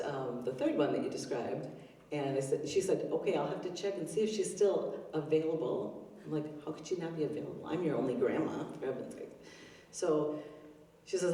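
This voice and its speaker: Older woman, open mic storyteller, chatty, full of ums, mellow, echoey distant hall. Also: deep voice. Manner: chatty, self-deprecating, many fillers. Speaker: stand-up comedian. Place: arts center stage, live audience. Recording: roomy hall heard from a distance.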